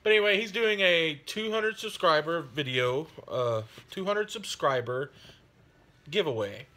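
A man talking casually on his hobby channel, friendly and rambling, with frequent pauses and fillers. His voice has a bright, forward ring. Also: fairly high pitch, expressive. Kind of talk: casual chat.

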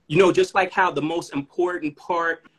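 A rapper from Chicago with a Chicago accent, talking reflectively in a casual live stream chat. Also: male voice, fairly high pitch, steady tone, moderate pace, a bit bright, husky. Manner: reflective, affirming listener.

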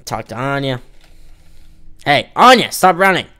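A man's voice: mid-range voice, big pitch swings, a little slow, pushed and bright, clear, resonant tone. A man giving casual let's-play commentary, teasing and joking with the game's characters as he plays. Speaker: gamer playing an online role-playing game.

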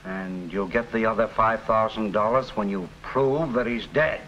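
A man's voice: lowish voice, moderate pace, fairly bright tone, slight background noise, natural voice. A man playing a nervous, blustering syndicate boss in a 1940s radio drama, on a dull old recording. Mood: tense. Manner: blustering then pleading.

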